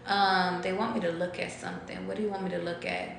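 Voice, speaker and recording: A woman's voice: fairly low pitch, little pitch movement, fast, gravelly. A young woman giving a casual tarot reading to her viewers, loose and chatty, swearing freely and breaking into bits of song. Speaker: tarot reader. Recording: echoey room with faint background noise.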